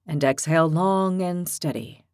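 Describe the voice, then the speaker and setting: A woman voicing a calm, philosophical young man with an ox's head, who speaks patiently and reasons things out. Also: sits low, unhurried, clean tone, no echo, clean studio sound, pitched below the performer's own voice. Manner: patient, reasoning, gently teasing.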